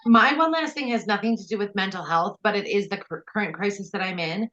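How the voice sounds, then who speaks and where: A woman's voice: medium pitch, fairly quick, a bit bright. Chatty woman on a dull line. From Minnesota. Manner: chatty, filler-heavy, wry. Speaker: podcast co-host. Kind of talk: casual chat.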